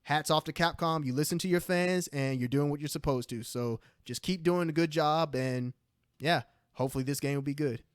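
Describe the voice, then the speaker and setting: A man co-hosting a gaming podcast, upbeat and emphatic, with lots of fillers. His voice sits a little high, and the sound is dry and close. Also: brisk, clear, resonant tone, no room sound. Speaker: podcast co-host. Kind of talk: casual chat.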